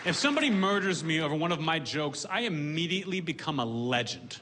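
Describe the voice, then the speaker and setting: A man performing a stand-up comedy set in a deadpan way, delivering dark punchlines dryly on a comedy stage with audience laughter behind him. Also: on the high side, a little fast, a loud crowd, heavy background noise.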